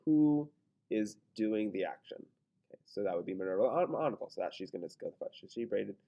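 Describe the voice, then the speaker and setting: A man's voice: mid-range voice, mellow. Casual man thinking aloud through a lesson. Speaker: teacher. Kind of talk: screen-recorded grammar lesson.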